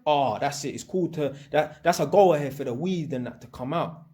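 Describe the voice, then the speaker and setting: Slightly high-pitched and a little fast, this young adult from England is recorded in an echoey room. His casual, slangy anecdote about being an electrician is animated, and he acts out the people he quotes.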